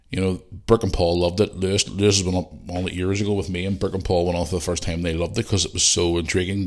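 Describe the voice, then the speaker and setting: Deep-voiced sweary man telling a story. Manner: animated, sweary, acts out the voices in his story. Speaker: podcast host. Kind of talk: casual storytelling monologue.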